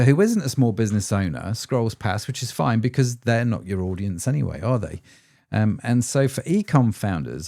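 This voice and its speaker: A man's voice: medium pitch, warm tone, dry recording, clean studio sound. A man hosting a solo podcast as an ecommerce founder, chatty and self-deprecating, with frequent rhetorical tag questions.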